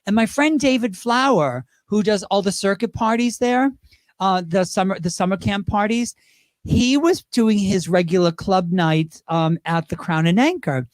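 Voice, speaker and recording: A man's voice: sits high, moderate pace, no room sound. Chatty male drag performer, dry sound. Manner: chatty storyteller, lively, slips into voices. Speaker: drag performer and impersonator, guest. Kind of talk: casual interview chat.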